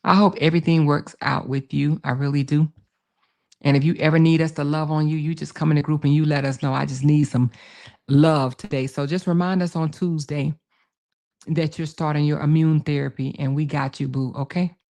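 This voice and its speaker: Gravelly-voiced woman hosting a livestream. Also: low voice, fairly even intonation, moderate pace, mellow. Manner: emphatic, repeats phrases, calls viewers baby and honey. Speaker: livestream host. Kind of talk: casual livestream commentary reading chat.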